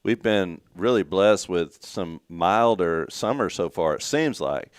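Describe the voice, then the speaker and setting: An earnest, folksy Texan pastor chats as a radio guest, often restarting his sentences. His voice is very deep and smooth. The studio sound is close and dry. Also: lively intonation, unhurried, dry recording. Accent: East Texas. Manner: earnest, folksy, repeats words. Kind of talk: casual radio chat.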